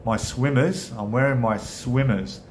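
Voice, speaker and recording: A middle-aged man with an Australian accent chats casually to his viewers, wandering from point to point and often correcting himself. His voice sits in an ordinary middle pitch. It rings a little in a roomy space, over a faint low rumble. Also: unhurried. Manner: rambling, chatty, self-correcting. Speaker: channel host. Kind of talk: casual live chat with viewers.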